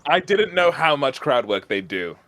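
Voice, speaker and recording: A British man telling a story as a guest on a stream, stumbling over his starts and laughing as he goes. His voice is a little high, and the recording is dry and close. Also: big pitch swings, moderate pace, fairly bright tone, no room sound. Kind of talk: casual chat on stream.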